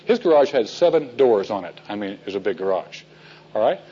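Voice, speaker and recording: Husky-voiced man teaching a Bible class. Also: on the low side, big pitch swings, brisk, warm tone, muffled recording. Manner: folksy storytelling, asks the audience questions. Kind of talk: Bible teaching to a men's group.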